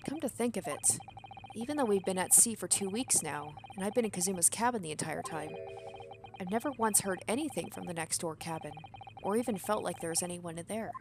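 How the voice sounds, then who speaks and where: A woman's voice: medium pitch, lively intonation, fairly quick, noisy background, natural voice. A woman voicing a polite, hesitant young male student while reading a game aloud. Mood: curious.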